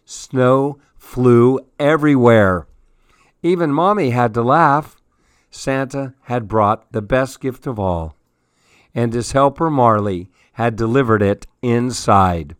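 A man's voice: mid-range voice, takes it slowly, smooth, dry recording, studio quality. A man hosting a children's story hour, reading a storybook aloud with expression. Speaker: radio story-hour host.

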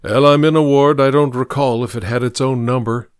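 A man reading an audiobook, voicing a tired older bishop who speaks in a slow, measured way. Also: mid-range voice, fairly even intonation, smooth, no echo, studio quality, lightly acted. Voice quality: tired, intoning. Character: weary, smooth-talking older male bishop.

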